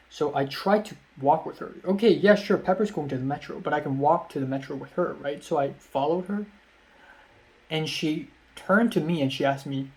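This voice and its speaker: Young male vlogger, slightly high voice, rambling and self-deprecating, lots of ums. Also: moderate pace, darkish tone. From Hong Kong. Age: young adult. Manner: rambling, repeats himself, many ums; self-deprecating, laughs at himself. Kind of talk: casual vlog storytelling.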